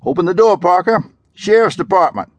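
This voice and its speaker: A gruff deputy shouting orders through a door, played by a man who lifts his low voice much higher and louder than his own. The delivery is forceful and insistent, recorded dry and close for an audiobook. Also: animated, fairly quick, dry recording, lo-fi sound. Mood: demanding. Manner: loud, barking. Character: gruff male sheriff's deputy banging on a door.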